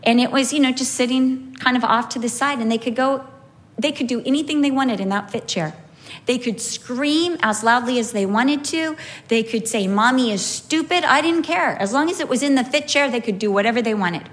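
A woman preaching a storytelling sermon, animated with wide pitch swings and slow, emphatic phrasing.

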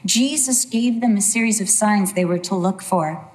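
A woman's voice: medium pitch, normal speed, a little mellow. A woman preacher giving a sermon, earnest and emphatic, with a lot of repetition.

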